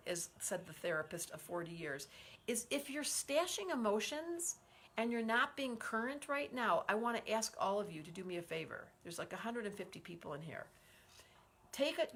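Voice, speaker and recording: A woman's voice: mid-range voice, a bit bright. Effusive woman in her 60s, live stream. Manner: effusive and encouraging, leads group breathing. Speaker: astrologer hosting a live stream. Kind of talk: live-stream talk, reading viewer comments aloud. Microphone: livestream setup.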